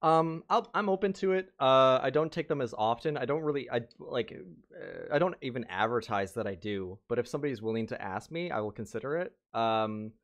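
A young man being interviewed in a casual chat about video editing, rambling and swearing, often joking. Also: mid-range voice. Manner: rambling, profane, jokey, slips into mocking voices. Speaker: interview guest, video editor.

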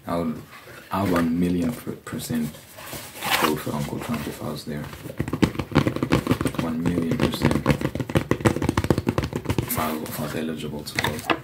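A man's voice: rumbling low, little pitch movement, a little slow, pauses often. A young man hosting an ASMR channel, chatting in a rambling, opinionated and profane way. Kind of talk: casual ASMR chat. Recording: loud background noise and clicks.

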